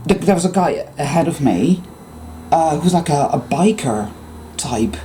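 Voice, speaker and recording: A man with an English accent, ranting in a casual vlog monologue and telling profane, animated stories. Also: a little high, unhurried, a little hiss or hum. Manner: mimics other people's voices. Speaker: vlogger.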